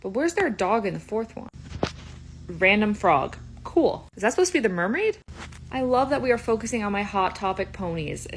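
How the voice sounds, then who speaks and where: A woman's voice: mid-range voice, very animated, a little hiss or hum. A young woman giving playful, casual reaction commentary as a video creator. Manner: chatty and playful, quick asides.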